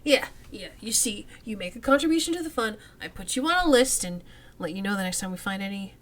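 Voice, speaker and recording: A woman's voice: mid-range voice, animated, fairly quick, natural voice. A woman voicing a sly, corrupt male police officer in a role-playing game, speaking in a slick, streetwise way. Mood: wheedling. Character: sleazy male cop fishing for bribes, sly.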